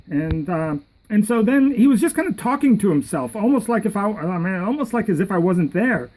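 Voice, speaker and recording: A middle-aged man with a fairly high voice tells a story in a loose, rambling monologue. He circles back and repeats phrases, and he lifts his voice when he quotes other people. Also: lively intonation, fairly quick, darkish tone, poor audio. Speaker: yacht captain.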